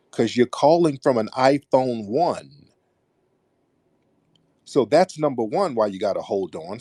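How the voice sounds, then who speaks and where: A man's voice: medium pitch, dark tone, slightly rough, no echo, clean studio sound. A man hosting a live call-in show, talking in a blunt, commanding way. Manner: blunt, commanding, scolding callers. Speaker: host.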